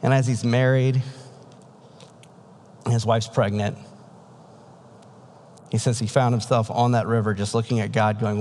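A man's voice: mid-range voice, flat delivery, measured pace, pauses often, darkish tone, slight background noise. A preacher telling a story in a casual, conversational sermon, acting out the voices of the people he quotes. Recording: long hall reverb.

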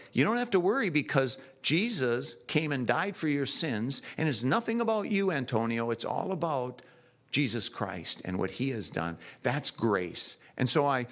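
A man preaching a sermon in church, telling stories in a lively, animated way. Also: mid-range voice.

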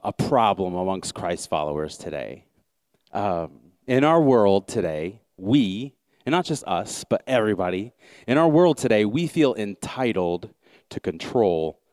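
Casual American pastor preaching. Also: male voice, fairly low pitch, a little mellow, no room sound, studio quality. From United States. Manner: casual, conversational, with many fillers and restarts. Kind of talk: sermon.

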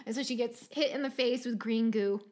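A woman's voice: on the high side, a little fast, darkish tone. A woman recapping a TV episode in casual chat, talking loosely with lots of "like" and frequent laughs. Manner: chatty, many filler "like"s, laughs often. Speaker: podcast co-host recapping a TV episode.

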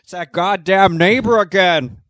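A man putting on the voice of his friend's old retired father, slow, drawn-out and exasperated. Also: very high voice, lively intonation, no room sound, clean studio sound, heavily acted.

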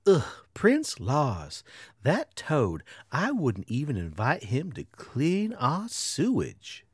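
A spoiled young princess drawls her lines in a snooty, swooping singsong as a co-host puts her on. The voice is slow and a bit husky. It sounds dry and close. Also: mid-range voice, wildly swooping pitch, no room sound, voice pushed down, full character voice. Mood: disdainful. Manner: snooty, drawn-out, exaggerated. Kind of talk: comic storytelling with voices.

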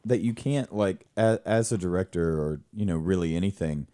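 A man, a stage actor and director, chatting casually and telling animated stories with frequent laughter. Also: low-pitched, moderate pace. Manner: animated storyteller, laughs often. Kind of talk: casual conversation.

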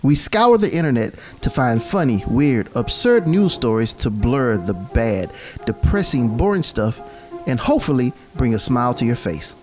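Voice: mid-range voice, sing-song, moderate pace, darkish tone, soft background music. A comedy podcast co-host bantering in a loose, slangy, playfully dramatic way. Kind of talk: casual comedic chat.

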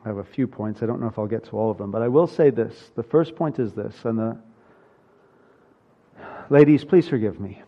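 A man's voice: fairly low pitch, a little fast, pauses often, dull audio. A man preaching a sermon from the pulpit, earnest and building to emphatic peaks. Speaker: pastor.

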